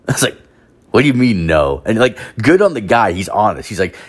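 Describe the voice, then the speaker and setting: Young man, from Canada, slightly low voice, rambling profane storytelling, heavy "like" fillers, higher-pitched mimicry of others. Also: sing-song, normal speed. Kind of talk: profane casual storytelling rant.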